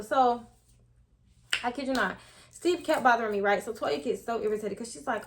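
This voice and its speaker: A woman's voice: fairly high pitch, a little fast, a bit bright, slight background noise. A young woman telling a casual storytime to her viewers, chatty and full of slang, talking straight to the audience.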